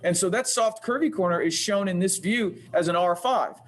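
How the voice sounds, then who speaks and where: A man with a somewhat high voice gives a screen-recorded tutorial in a classroom. He thinks aloud, hesitates often and corrects himself mid-sentence. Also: moderate pace. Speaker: engineering teacher. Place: classroom with projector. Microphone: computer mic while demonstrating.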